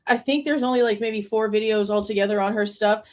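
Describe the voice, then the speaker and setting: A woman hosting a true crime reaction show, talking casually in an animated, incredulous way, with slang and frequent laughs. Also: medium pitch, a little fast. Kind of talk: casual commentary.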